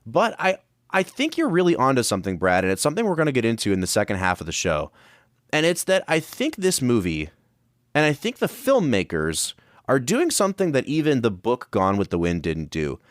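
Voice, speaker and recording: On a film podcast, a male co-host talks through his analysis in a thoughtful, casual way, building his arguments step by step. His medium-pitched voice swings hugely in pitch and moves fairly quickly, recorded at studio quality with no room sound.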